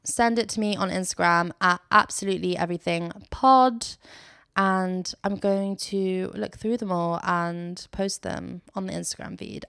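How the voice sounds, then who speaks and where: A woman's voice: medium pitch, gravelly, fairly bright tone, smooth, no room sound, studio quality. A young British woman hosting a casual solo podcast, telling stories in a chatty, giggly way and swearing freely. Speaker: podcast host.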